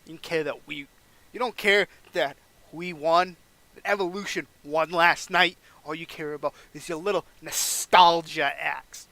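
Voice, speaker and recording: A man's voice: fairly high pitch, fairly even intonation, a little slow, pushed and bright, no echo. A man voicing a cocky young male wrestler cutting a smug, taunting promo in a wrestling game playthrough.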